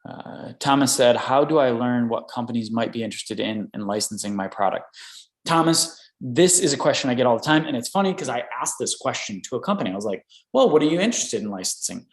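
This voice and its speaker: An energetic man coaches inventors through licensing negotiations, checking in with the listener by tagging "right?" onto his points. His voice sits at an ordinary middle pitch. The room around him rings with a noticeable echo. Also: fairly quick. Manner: energetic, repeats "right?" often. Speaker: licensing expert answering inventor questions. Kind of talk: live Q&A coaching.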